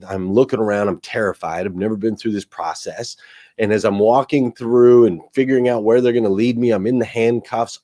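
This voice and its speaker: A man's voice: on the high side, mellow. A man speaking as a guest speaker, telling a personal story with energy and often calling people "man.". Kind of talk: storytelling talk.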